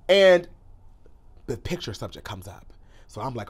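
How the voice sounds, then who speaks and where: Animated, sassy young man telling a story. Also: a little high, normal speed. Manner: animated and theatrical, with sudden swings between loud and hushed; sassy, calls the listener girl and honey. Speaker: pop culture commentator and YouTuber. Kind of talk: excited storytime vlog.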